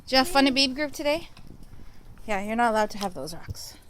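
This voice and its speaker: A woman's voice: fairly high pitch, expressive, a little fast, a bit bright, a little hiss or hum. A young woman filming her baby at home, coaxing him in a sing-song voice. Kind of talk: home video baby talk.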